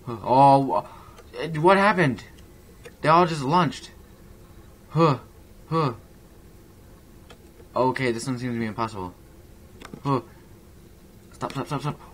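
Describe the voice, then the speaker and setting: A man hosting a gaming channel, giving rambling, excitable let's-play commentary from his home computer. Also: medium pitch, slight background noise.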